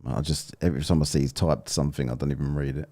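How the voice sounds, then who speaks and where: With a rumbling low, dark voice, this English streamer talks fast and with fairly even intonation. He reviews a debate on his live stream and reads the chat, rambling casually and joking and laughing along the way.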